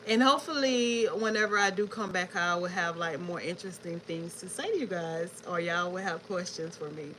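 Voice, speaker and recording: A woman's voice: on the low side, moderate pace, rough recording. Woman on a book livestream, laid-back and chatty, saying y'all a lot, bit of hiss behind her. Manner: chatty and relaxed, addresses viewers as y'all. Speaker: book vlogger hosting a livestream. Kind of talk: casual livestream chat with viewers. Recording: faint background noise.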